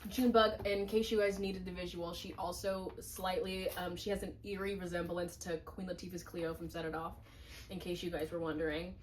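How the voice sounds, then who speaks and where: A woman's voice: on the low side, flat delivery, a little fast. A woman hosting a book channel, retelling a novel's plot in a chatty, wry way with lots of fillers. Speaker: booktube host. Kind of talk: casual book recap chat. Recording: distant mic with faint noise.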